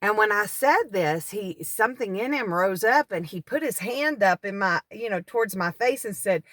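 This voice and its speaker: A woman telling a personal deliverance testimony in an earnest, animated storytelling way, speaking from a parked car. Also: mid-range voice, normal speed, few pauses, dry recording, clean studio sound. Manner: earnest, animated storyteller who acts out cries. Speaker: deliverance minister.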